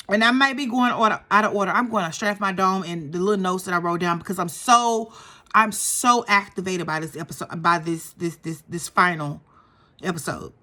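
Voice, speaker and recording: A young woman, chatting casually and gossiping as she recaps a reality show. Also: mid-range voice. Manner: animated and gossipy, acts out quotes.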